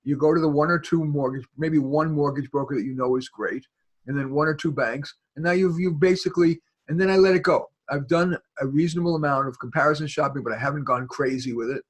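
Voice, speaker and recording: A man's voice: a little high, quick pace, slightly rough. A man from New York giving rambling advice over a video call, full of restarts and fillers. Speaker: guest expert.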